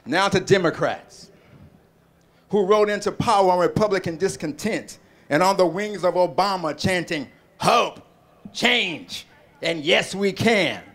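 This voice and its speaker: A man's voice: sits high, unhurried, fairly bright tone. A man delivering an impassioned political rally speech, building rhetorical repetitions and leading the crowd in call-and-response chants. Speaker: rally speaker.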